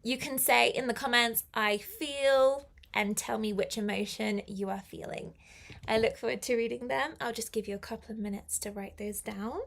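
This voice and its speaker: Lady doing a live english lesson online, kinda high voice w/ some vocal fry, chatty, encouraging. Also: moderate pace, a bit bright. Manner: chatty and encouraging, reads out viewer comments. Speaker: English teacher.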